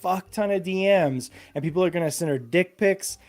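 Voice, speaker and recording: A slightly drunk man in casual chat, rambling and profane, insisting loudly on his points. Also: sits high, normal speed. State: tipsy. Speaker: podcast co-host.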